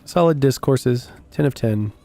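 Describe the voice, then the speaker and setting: A man's voice: mid-range voice, unhurried, vocal fry, mellow, faint music behind. A man streaming a game and chatting casually with viewers in a blunt, profane, rambling way. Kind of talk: casual chat while gaming.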